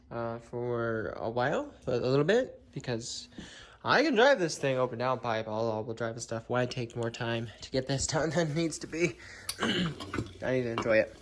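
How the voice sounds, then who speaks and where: A man talks loosely through a car-build update from his garage, his voice sitting at an ordinary middle pitch. He rambles, trails off with fillers and keeps clearing his throat. A faint hiss of noise runs underneath. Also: a bit bright. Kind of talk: casual build-update vlog.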